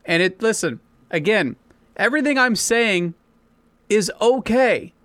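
A man's voice: high-pitched, lively intonation, measured pace, bright, forceful tone, no echo. Blunt sports show guy pushing his point, dry studio sound. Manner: blunt, insistent, casual swearing. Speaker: sports talk show co-host. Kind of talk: sports radio debate.

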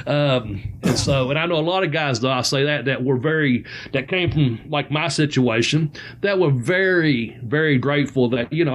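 A man, a former pro wrestler, telling stories in a casual, profane, animated way. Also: medium pitch, normal speed, hardly any pauses. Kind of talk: casual storytelling chat.

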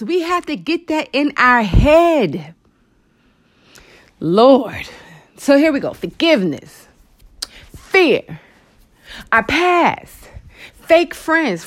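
Speaking slowly with long pauses, a woman whose voice is a little high hosts a faith talk show. Her Christian motivational preaching is emotional and animated, with many asides and exclamations to the Lord, and she addresses listeners conversationally as "girl" and "honey."

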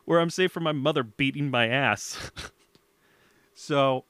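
A man's voice: mid-range voice, slow, a bit bright, no room sound. A young man hosting a podcast, telling a story in casual chat, laughing often and swearing as he acts out his parents. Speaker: podcast host.

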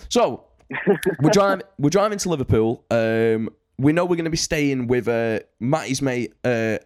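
A man's voice: medium pitch, moderate pace, no echo, clean studio sound. Sweary guy spinning a yarn. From United Kingdom. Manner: animated, sweary, rambling. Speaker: touring band musician telling a story. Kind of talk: casual podcast storytelling.

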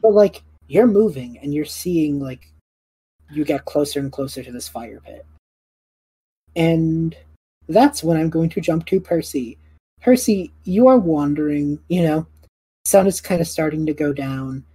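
Low husky woman narrating a game. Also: expressive, unhurried, dark tone, no room sound. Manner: casual, filler-heavy narration with clearing throat. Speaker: game master.

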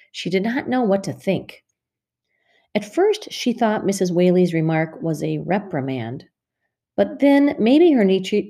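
Mellow-voiced woman teacher reading aloud. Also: fairly low pitch. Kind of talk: reading a storybook aloud to a class.

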